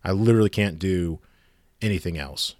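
A man's voice: deep voice, normal speed, a little mellow, no room sound, studio quality. A man delivering a sarcastic, exasperated rant in a monologue. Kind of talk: ranting monologue.

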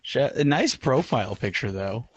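A man's voice: mid-range voice, lively intonation, normal speed, slight background noise. A man co-hosting a live podcast from a phone call, chatting casually and joking with his co-hosts. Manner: joking, easygoing banter. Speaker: podcast co-host.

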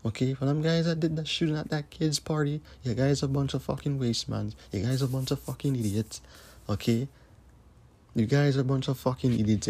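A man delivers a furious, profanity-laden podcast rant. His voice is dark and husky, sitting at an ordinary pitch. He hammers the same lines over and over. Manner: angry, repetitive, cursing. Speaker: podcast host. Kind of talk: profane ranting monologue.

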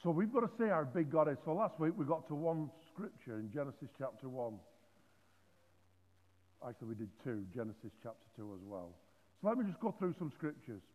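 A man preaches a lively sermon, joking and stumbling over his words as he goes. His voice sits a little high and sounds thin and phone-like. A long hall reverb trails after every phrase. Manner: animated and joking, with many restarts. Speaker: pastor.

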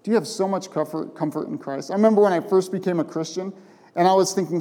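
A pastor with a high-sitting, warm voice preaches fast from the pulpit of a church sanctuary. His sermon is emphatic and conversational, frequently tossing out rhetorical questions, and a long church reverb follows his words.

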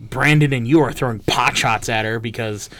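A man in his twenties co-hosting a podcast, telling a story in a casual, animated, profane way. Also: medium pitch, normal speed. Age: 20s. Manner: animated, profane, mimics people in stories. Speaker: podcast co-host.

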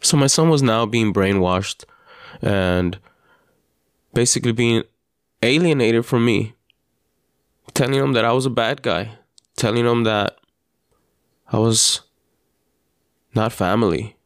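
A father hosting a podcast, telling his story in an earnest, halting personal monologue with frequent restarts. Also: mid-range voice, clear, resonant tone, no room sound, clean studio sound. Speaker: podcast host.

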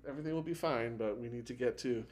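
A man's voice: medium pitch, fast talker, darkish tone. A man co-hosting a podcast, casually recapping a TV show in a rambling way with lots of fillers and restarts. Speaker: podcast co-host.

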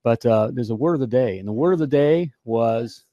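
A man's voice: mid-range voice, brisk, dry recording, lo-fi sound. An American man hosting a live podcast, chatting in an upbeat, folksy way and repeating himself often. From United States. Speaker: podcast host. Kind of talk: upbeat live show chat.

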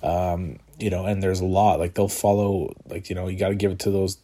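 A man talks on his own in a casual, rambling way, his voice very low and husky. He sounds tired and yawns, stacks fillers and restarts, and chuckles to himself now and then. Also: level tone, brisk, dark tone. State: tired, yawning. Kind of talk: casual solo talk about combat sports.

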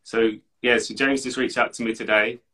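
Bright-voiced earnest man. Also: mid-range voice, steady tone, normal speed. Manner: earnest, filler-heavy with "like". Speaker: podcast co-host. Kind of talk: casual podcast chat.

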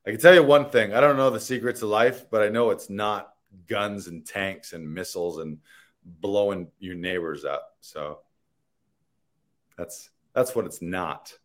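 Rambling earnest man, lowish voice. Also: a little slow. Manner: rambling, earnest and playful, laughs and swears. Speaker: actor guest. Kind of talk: casual conversational interview.

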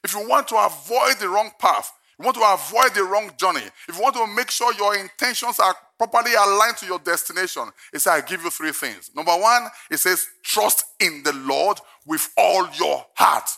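Gravelly, bright-voiced older male preacher. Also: high voice, brisk, few pauses. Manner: humorous storytelling that builds to emphatic preaching. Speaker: pastor. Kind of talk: sermon.

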